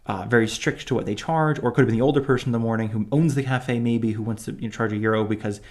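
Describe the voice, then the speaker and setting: Young guy cohosting a chat, talks fast, rambles and restarts a lot. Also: mid-range voice. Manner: rambling, many restarts and fillers. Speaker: podcast co-host. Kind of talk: casual chat.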